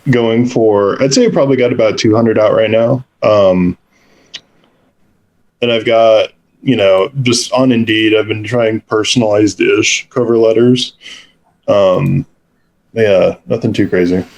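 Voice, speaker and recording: A man's voice: lowish voice, steady tone, measured pace, a little mellow. A man guest on a video call, hesitant, with many fillers and easy laughs.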